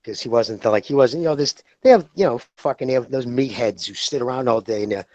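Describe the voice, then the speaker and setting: A man's voice: medium pitch, quick pace, darkish tone, dry recording, muffled recording. A man co-hosting a podcast in casual chat, talking in a heated, profane, rambling way. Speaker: podcast co-host.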